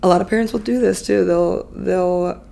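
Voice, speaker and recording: A woman's voice: fairly low pitch, fairly even intonation, moderate pace, gravelly, warm tone. A woman in her thirties, a podcast guest, telling a personal story candidly in a chatty, emotional way full of fillers.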